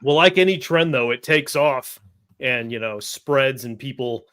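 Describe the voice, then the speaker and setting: Man, co-host, casual chat, short replies and laughs, bright sharp voice, dry close sound. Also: mid-range voice, measured pace, dry recording. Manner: listens with short backchannels and laughs. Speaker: podcast co-host.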